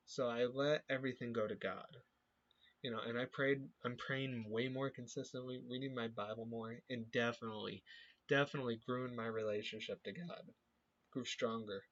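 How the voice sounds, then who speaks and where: A man leading a youth group, talking earnestly about his faith and often pausing to search for words. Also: mid-range voice, steady tone, fairly bright tone. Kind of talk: personal faith reflection to camera. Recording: dull lo-fi recording.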